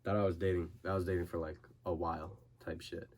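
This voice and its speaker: This boxer, a young man appearing as a podcast guest, speaks quickly in a low, level, slightly mellow voice. His relaxed story is packed with curse words, and he imitates his friends panicking.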